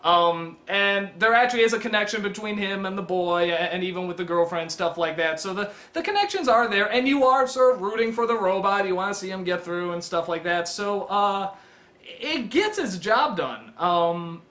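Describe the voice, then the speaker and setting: Bright-voiced man rambling through a review. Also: high voice, lively intonation, moderate pace, reverberant. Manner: rambling, lots of ums, laughs often. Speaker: film reviewer. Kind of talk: casual spoken film review.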